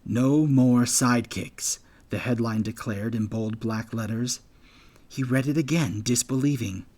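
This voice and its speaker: Male audiobook narrator, measured delivery. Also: fairly low pitch, steady tone, darkish tone. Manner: measured storytelling, voicing all characters. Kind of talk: scripted narration.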